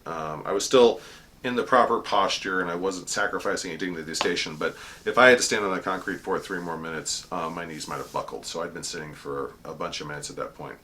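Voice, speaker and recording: A man's voice: fast, pushed and bright, slight background noise. A middle-aged man, a court herald, chatting casually about an event, with fillers and restarts. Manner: booming formal proclamation when quoting court cries. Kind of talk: casual storytelling monologue.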